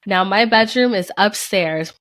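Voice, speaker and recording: A woman's voice: medium pitch, a little slow, fairly bright tone, slight background noise. A young adult woman co-hosting a podcast, telling a personal story in a candid, casual way full of swearing. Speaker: podcast co-host. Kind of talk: casual chat.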